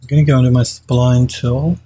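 A man's voice: mid-range voice, level tone, a little fast, dark tone, a little hiss or hum. A man streaming a live 3D modelling tutorial, thinking aloud as he works, hesitating and correcting himself while he answers chat.

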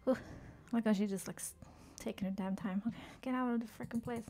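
A woman's voice: a little high, steady tone, brisk, dark tone. A woman gaming streamer giving playful, casual commentary, swearing freely and talking to her game character.

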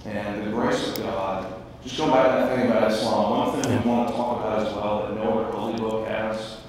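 A man on a conference panel, telling his story candidly and reflectively. His voice is on the low side and sounds distant from the mic. It echoes heavily through a large hall. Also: level tone, brisk, darkish tone, a little hiss or hum. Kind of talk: personal testimony.

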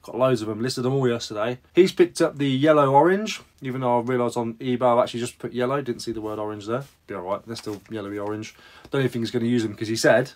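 A man with a British accent chatting casually in a vlog about reselling, jokey and lively. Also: medium pitch, fast talker. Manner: chatty, jokey, lively bursts of sing-song. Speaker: reseller vlogger.

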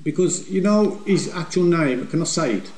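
An older man from England's West Midlands, with the region's accent, belongs to a motorbike vlog group and answers questions in rambling, jokey banter. His voice is a little high and darkish, with lively intonation at a normal speed. The casual chat is recorded in an echoey room, and the audio is poor.

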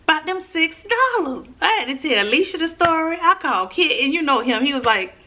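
A woman vlogging casually to camera, talking in a chatty, slangy, animated way while sitting on the floor in a dim room at home. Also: high-pitched, brisk.

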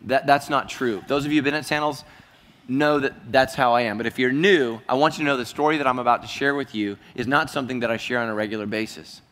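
A man preaching a sermon as pastor, telling a personal story earnestly and dropping to a hushed voice at heavy moments. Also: medium pitch, fast, in a large hall.

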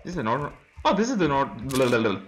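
A man's voice: medium pitch, very animated, fast. A young man commenting on a horror game as he plays it, nervous, laughing from fright and breaking into yelps and screams. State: hoarse from screaming. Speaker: let's play gamer.

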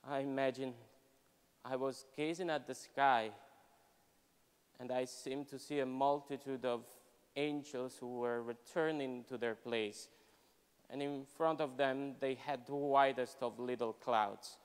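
A man, a professor, giving a solemn, measured, expressive dramatic reading in a university hall. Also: medium pitch, smooth. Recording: long hall reverb at a live event.

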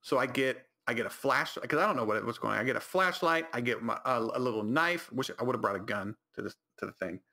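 A young man hosting a podcast, telling a comedic story in a rambling, animated way and correcting himself often. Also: medium pitch, fast, gravelly, hardly any pauses. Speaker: podcast host.

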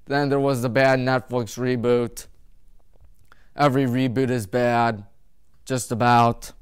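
A man's voice: mid-range voice, flat delivery, takes it slowly, pauses often, smooth. A male sports talk show host rattling off his weekly game picks in a joking, opinionated way, with mocking nicknames for teams.

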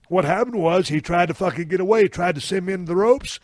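A man's voice: high-pitched, fast, few pauses, no room sound, clean studio sound. A man, hosting a podcast and telling a profane comic tale in a brash, swearing style. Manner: brash and swearing, with drawled emphasis. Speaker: podcast host. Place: camper trailer.

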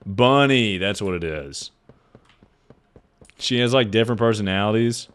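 A man's voice: lowish voice, measured pace, fairly bright tone. Tipsy, swearing male streamer. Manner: rambling, swearing, frequent laughter. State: drinking, tipsy. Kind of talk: casual game-stream chatter.

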